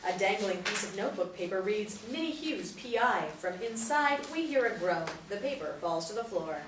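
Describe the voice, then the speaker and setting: A woman reads the stage directions of a TV pilot aloud in a steady, matter-of-fact way. She sounds far from the mic in an echoey room with faint noise behind. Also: medium pitch, normal speed. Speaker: narrator. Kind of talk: reading stage directions at a table read. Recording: roomy, distant mic.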